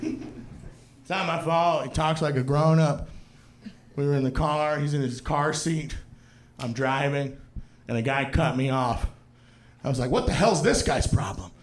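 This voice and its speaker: A man's voice: on the high side, fairly even intonation, unhurried, long pauses, roomy sound. A man performing stand-up comedy, telling stories in a conversational style with punchy asides, on a handheld stage mic. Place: comedy venue with a live audience.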